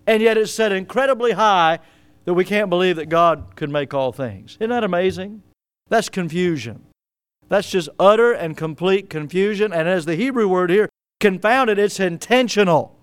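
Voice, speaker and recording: A male preacher delivering a sermon with a high, resonant voice. He swings from loud, forceful calls to near-whispered asides. The sound is close and completely dry, with no room echo. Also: smooth. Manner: dramatic swings between loud exhortation and quiet asides.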